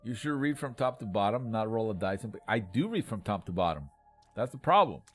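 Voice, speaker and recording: A man hosting a live game stream, chatting playfully with viewers and bursting into loud exclamations. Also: on the low side, sing-song, a little fast, breathy edge, soft background music. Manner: argues jokingly with chat. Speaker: livestream host playing a game with viewers. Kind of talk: live gaming commentary.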